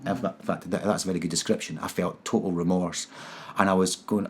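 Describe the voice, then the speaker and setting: A man's voice: deep voice, level tone, brisk, a little hiss or hum. A man telling his personal story in an interview, earnest and emotional, often stopping to repeat and restart his words. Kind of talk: personal testimony.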